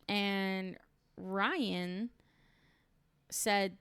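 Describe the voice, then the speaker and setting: Chatty, opinionated woman with a smooth voice. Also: mid-range voice, measured pace, a bit bright, no echo. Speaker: reality TV recap vlogger. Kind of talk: casual recap chat.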